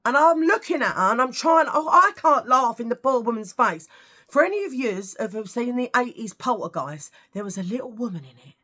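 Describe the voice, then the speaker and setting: A woman's voice: a little high, animated, brisk, pushed and bright. A British woman vlogging, telling stories to camera in a chatty, ranting way with lots of asides. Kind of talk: casual storytelling to camera.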